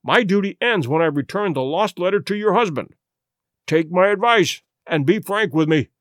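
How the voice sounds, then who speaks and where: A man reading an audiobook, playing a cool, commanding detective who speaks in a measured, authoritative way. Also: sits high, lively intonation, fairly bright tone, no room sound, studio quality. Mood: firm.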